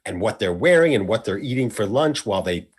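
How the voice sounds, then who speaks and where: A man's voice: lowish voice, animated, brisk, slightly rough. A young man hosting a casual conversation, rambling and self-correcting with a playful streak. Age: young adult. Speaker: host.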